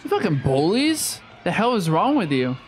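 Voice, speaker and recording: A man's voice: sits high, big pitch swings, moderate pace, soft background music. A young man commenting live on a horror game he is playing, swearing often and reacting in sudden outbursts. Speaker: streamer.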